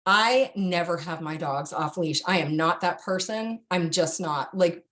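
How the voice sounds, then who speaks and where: A woman's voice: measured pace, fairly bright tone. A middle-aged woman giving a casual, direct online dog-training lesson, talking straight to her students. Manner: chatty, direct, jumps to a high sing-song for cue words. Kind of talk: online course instruction.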